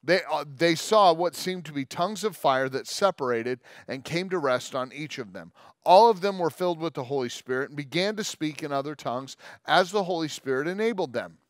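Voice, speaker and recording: A man's voice: a little high, animated, dry recording. Dry, conversational preaching man. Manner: conversational and joking, with quick asides; reads scripture aloud at length. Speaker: pastor. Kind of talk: sermon.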